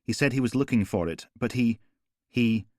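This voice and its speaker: A man's voice: medium pitch, moderate pace, no echo, clean studio sound, voice pushed up, lightly acted. A man voicing a frantic young woman on an emergency call, pleading and breathless.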